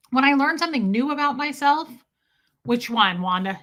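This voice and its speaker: A woman's voice: high-pitched, expressive, moderate pace, a bit bright. A woman hosting a casual livestream, reading chat and rambling, cooing over her cat and swearing offhand. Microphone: streaming setup.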